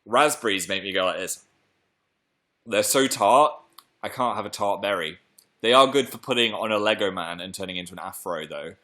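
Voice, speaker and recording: A young British man chats through a casual live stream with a bright, forward tone. He is playful and talkative and keeps reading out viewer messages between his own rambling stories. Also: lowish voice, normal speed. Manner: chatty, playful, reads out viewer comments. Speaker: livestream host.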